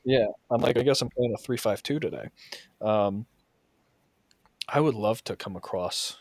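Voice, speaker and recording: A man's voice: on the low side, normal speed, a little mellow, dry recording, studio quality. A man hosting a podcast, telling heated stories full of swearing about coaching. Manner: profane, heated storytelling. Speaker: podcast host and soccer coach. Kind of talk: casual podcast chat.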